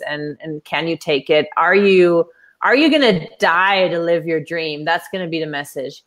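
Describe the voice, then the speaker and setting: A woman guest in a casual interview, telling stories in an animated way and acting out quoted voices. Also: fairly low pitch, measured pace. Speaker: interview guest, coach and speaker.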